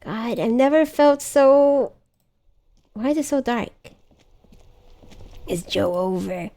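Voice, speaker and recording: A woman's voice: high voice, animated, measured pace, pauses often, a little mellow. A woman streaming a video game live, chatting casually and mocking herself as she gets lost. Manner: chatty, self-mocking, exclamatory. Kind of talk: casual live gameplay chat.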